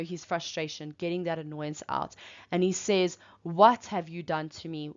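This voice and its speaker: A woman teacher talking through a poem line by line, reading quotes and then explaining them in a reflective, explanatory way. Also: low-pitched. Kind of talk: poetry analysis lesson. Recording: dull lo-fi recording.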